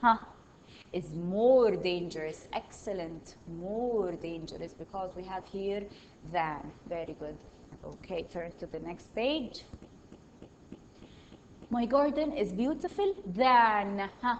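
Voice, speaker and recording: A woman's voice: medium pitch, lively intonation, a little slow, a little mellow, a little hiss or hum, low-quality recording. A woman teaching a primary school English lesson, patiently reading out exercises and praising each answer. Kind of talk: online grammar lesson.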